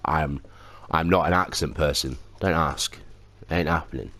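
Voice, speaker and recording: A man's voice: a bass voice, normal speed, a bit bright, no room sound. A man hosting a casual let's play at home, rambling and self-mocking with lots of ums. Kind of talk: casual gameplay commentary. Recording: game music underneath.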